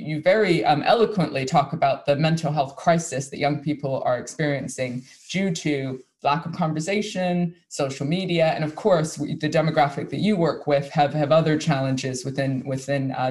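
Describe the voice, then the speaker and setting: An interview host talking in a lively, chatty way, sharing personal anecdotes before asking questions. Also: medium pitch, moderate pace, few pauses. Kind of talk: casual interview talk.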